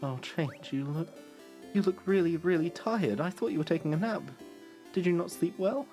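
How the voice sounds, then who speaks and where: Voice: medium pitch, moderate pace, warm tone, faint music behind, voice pushed up, close to an everyday voice. A streamer voicing a caring young woman from a game, friendly and fussing over a tired friend. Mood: concerned. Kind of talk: reading game dialogue aloud.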